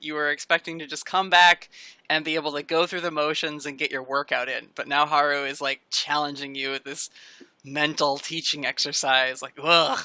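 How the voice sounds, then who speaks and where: A woman narrating as game master of a tabletop game, in a relaxed, chatty way. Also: low-pitched, clean tone, no room sound. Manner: relaxed, chatty narration with quick voiced asides.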